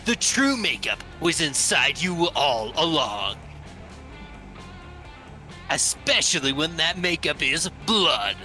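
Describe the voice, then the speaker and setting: Man playing a brash demon boy streamer, hyped, shouty, bright lively voice. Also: takes it slowly, pauses often, faint music behind, heavily acted. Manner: hyped, shouting influencer pitch. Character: loud, brash young male demon streamer.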